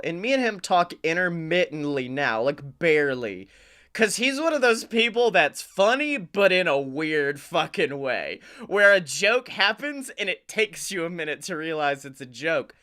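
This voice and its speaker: A young man co-hosting a podcast, telling a profane, animated story and acting out the dialogue. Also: high voice, measured pace. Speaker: podcast co-host. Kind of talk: casual comedic chat.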